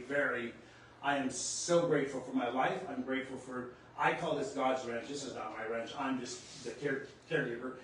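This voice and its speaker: A man's voice: mid-range voice, slight background noise. Earnest older man in an echoey room. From North Dakota, USA. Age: 60s. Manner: earnest and emotional, gasping in awe and trailing off softly. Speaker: podcast host. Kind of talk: personal spiritual storytelling. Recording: echoey room, voice distant from the mic.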